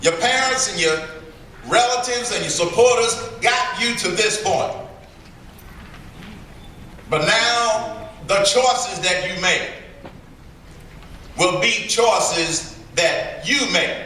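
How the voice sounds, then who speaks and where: Slow, emphatic man giving a commencement address. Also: high voice, sharp tone, slight background noise. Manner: deliberate and emphatic, with dramatic pauses and playful phrases. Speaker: commencement speaker. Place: large ceremony hall. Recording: echoey hall from far off.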